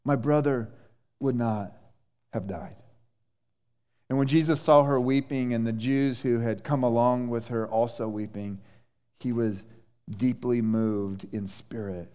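A male pastor preaching a sermon in a conversational, animated way, with many restarts and fillers. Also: fairly high pitch, clear, resonant tone. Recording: echoey church hall.

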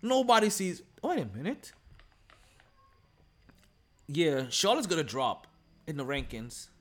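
A man's voice: on the high side, big pitch swings, unhurried, fairly bright tone. A man hosting a sports podcast, talking loosely and chattily with plenty of profanity. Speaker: podcast host. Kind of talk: casual sports talk.

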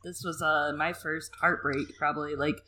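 A woman's voice: deep voice, flat delivery, moderate pace, bright, forceful tone. A young woman co-hosting a casual podcast over a video call, chatting and reading passages from a book aloud with dramatic emphasis. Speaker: podcast co-host.

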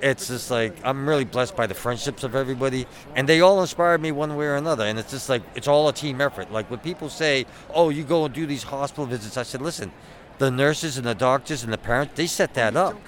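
A middle-aged man talks casually in an outdoor street interview. He is self-deprecating and punny, and acts out what people say to him in a voice of middling pitch. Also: fast, fairly bright tone. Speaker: Batman cosplayer.

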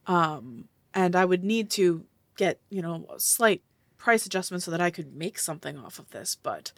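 A woman's voice: on the low side, expressive, normal speed, dry recording. A woman voicing a shrewd, haggling male merchant who stammers cagily while bargaining, in a tabletop role-play. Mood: cagey. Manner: hesitant, cagey bargaining with stammers.

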